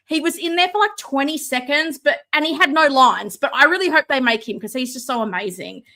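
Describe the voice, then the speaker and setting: A woman hosting a live stream from home, chatting casually, excitable and sarcastic, sometimes shouting. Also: high-pitched, fairly quick. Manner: excitable, sarcastic, loud at times. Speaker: livestream host. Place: home room with ring light. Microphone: no mic close by, computer setup.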